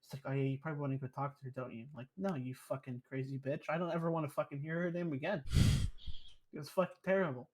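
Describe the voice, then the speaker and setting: A man's voice: a little high, fast talker. A young man, a podcast guest, telling rambling stories in casual, profane chat. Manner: profane, rambling, animated storyteller.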